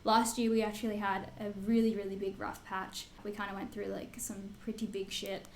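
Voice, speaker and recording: A woman's voice: mid-range voice, level tone, normal speed, darkish tone, reverberant, slight background noise. A woman in her twenties with an Australian accent, chatting candidly to camera as a vlogger, swearing freely with lots of fillers. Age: 20s. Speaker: beauty vlogger. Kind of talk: casual chat answering assumptions.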